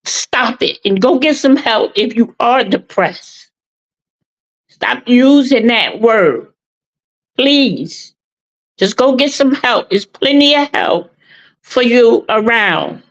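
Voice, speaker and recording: A woman calling in to a live show, talking slowly and haltingly, with emotion in her voice. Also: on the high side, animated. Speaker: caller. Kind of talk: call-in commentary. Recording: muffled call-in line.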